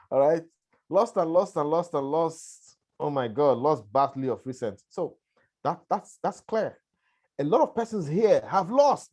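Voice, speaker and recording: A slightly high, warm-toned man leads a conference-call webinar in a conversational manner despite a lingering cough. He repeats himself and frequently checks in with the audience, saying "all right" and "right."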